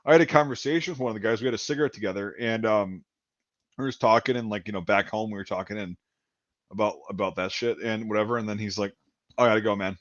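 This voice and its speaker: A man's voice: fairly low pitch, quick pace, dry recording. A man from Wisconsin telling a rambling story in casual chat, repeating words and acting out what people said. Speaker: podcast host. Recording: dull lo-fi dry sound.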